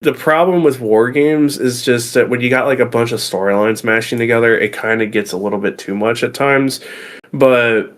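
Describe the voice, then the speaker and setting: A man's voice: mid-range voice, moderate pace. Laid-back man chatting on stream. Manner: relaxed, rambling, with fillers and restarts. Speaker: guest co-host. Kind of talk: casual chat.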